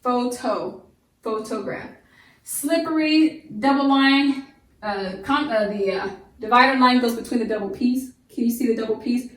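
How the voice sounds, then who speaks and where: A woman teaching a phonics lesson, slowly sounding out the syllables of words. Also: on the high side, fairly bright tone, far from the mic. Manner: slow, stretched sounding-out of syllables. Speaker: homeschool teacher. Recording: echoey room, voice off-mic.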